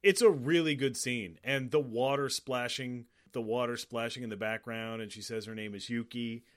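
A man's voice: medium pitch, steady tone, moderate pace. A man in casual film talk, describing shots and lighting in detail with some swearing. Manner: descriptive, profane, lingers on visual details.

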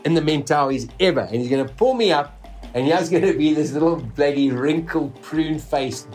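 A man telling a dramatic survival story in a vivid, animated way, with dark humor and chuckles, acting out his own inner voice. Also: a little high, moderate pace, faint music behind.

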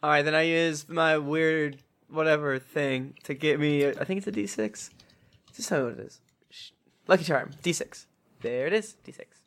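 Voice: mid-range voice, normal speed, a bit bright. A player in a tabletop game, joking and describing their character's actions. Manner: joking, acts out own character's lines.

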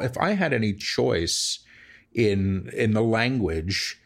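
A man's voice: lowish voice, animated, slow pace, creaky. A man speaking as a guest in a casual conversation at home, reflective and rambling, with frequent restarts. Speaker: guest, spiritual medium. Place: apartment.

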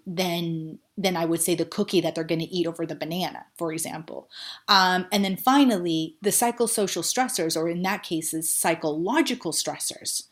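A woman guest on a podcast, a neuroscientist explaining her points in an emphatic, frank conversational way. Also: on the low side. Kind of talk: conversational interview.

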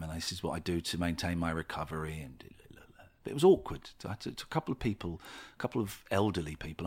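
Impassioned, animated man ranting. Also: deep voice. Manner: impassioned, swearing ranter. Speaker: podcast guest, radio presenter. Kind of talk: candid conversational interview.

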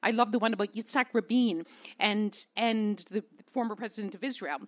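A Canadian woman journalist telling stories on a panel, expressive, repeating words for emphasis. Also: medium pitch, normal speed. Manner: expressive, repeats words, acts out quoted voices. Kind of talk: animated storytelling on a panel.

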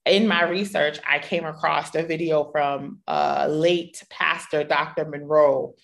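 Low, steady and unhurried, this creaky-voiced woman is a middle-aged podcast host. She tells stories from her own life in a frank, playful, emphatic manner.

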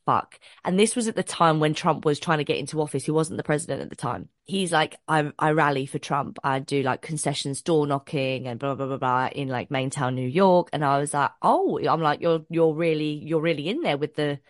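A woman, co-hosting a podcast and telling an animated story full of swearing and acted-out quotes. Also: deep voice, brisk, hardly any pauses, no room sound, clean studio sound. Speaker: podcast co-host. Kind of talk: casual storytelling chat.

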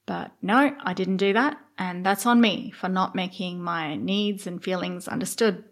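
A middle-aged woman hosts her own podcast and shares a personal story directly with the listener, candid and casual, with occasional swearing. Her lowish voice moves at a moderate pace with hardly any pauses, rising and growing animated when she relives what she was thinking.

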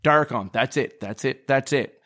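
A man's voice: medium pitch, normal speed, fairly bright tone, lightly acted. A man voicing his character, insistently urging the others to stay focused. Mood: pleading. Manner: insistent, repetitive.

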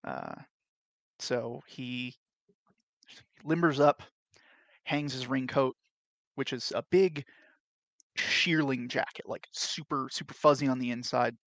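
A man describing his character's actions in a tabletop role-playing game, casual and unhurried. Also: medium pitch, gravelly, fairly bright tone, dry recording. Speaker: player.

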